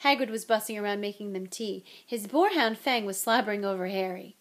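A woman's voice: medium pitch, fairly quick. Woman narrating an audiobook. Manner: steady storytelling.

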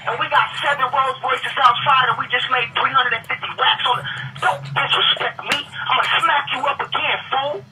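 A swaggering young man brags and threatens in a bright, high, cutting voice, as a woman puts him on. He sounds set back from the mic, with a faint hiss of noise behind him. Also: fairly even intonation, normal speed, far from the mic, low-quality recording. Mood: threatening. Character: brash boastful young man threatening someone.

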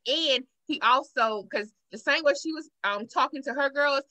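A woman hosting a casual podcast chat, telling a story with animated acted-out quotes. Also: high voice, normal speed, hardly any pauses. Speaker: podcast host.

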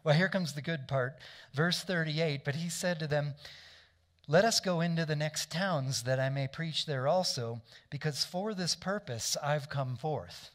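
A pastor preaches a sermon in a conversational style, his voice a little high and unhurried. He often asks the congregation to agree with him, and he restarts and corrects himself frequently as he goes.

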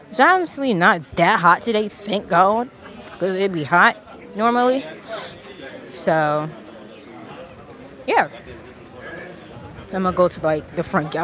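A vlogger with a medium-pitched, fairly bright voice livestreams from an outdoor restaurant patio, speaking into a handheld phone mic over a crowd of people. Slightly out of breath, she chats casually, rambles and laughs often.

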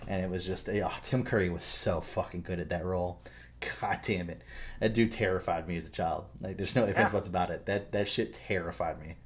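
A man co-hosting a podcast, telling a story in animated, profane casual chat. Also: low voice, a little fast. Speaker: podcast co-host.

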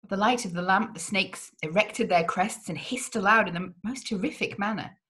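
Female read-along host, gothic novel, dramatic mid-pitched delivery. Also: moderate pace, bright, forceful tone. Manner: dramatic reading with occasional slips. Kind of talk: reading a gothic novel aloud.

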